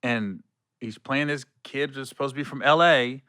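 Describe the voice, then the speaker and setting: Animated, bright-voiced male podcast host. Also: mid-range voice, normal speed, smooth, no room sound, studio quality. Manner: animated storyteller, laughs often, acts out quotes. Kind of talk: casual chat.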